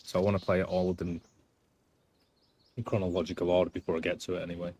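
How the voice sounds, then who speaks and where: A man's voice: low-pitched, flat delivery, quick pace, darkish tone, slight background noise. A man, not American, chatting casually while playing through a game live. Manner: chatty, offhand, rambling. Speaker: gamer streamer. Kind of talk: casual gameplay commentary.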